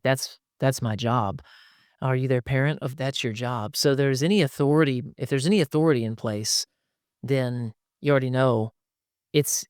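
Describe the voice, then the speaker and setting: A pastor with a mid-range, darkish voice speaks emphatically in a conversational podcast discussion, recorded in studio quality with no room sound. He acts out the people he quotes, giving them different voices.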